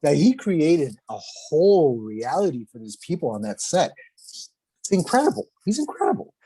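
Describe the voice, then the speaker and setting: A young adult man hosting a podcast, telling stories excitedly in slangy casual chat. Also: on the high side, normal speed, breathy edge, dry recording. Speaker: podcast host.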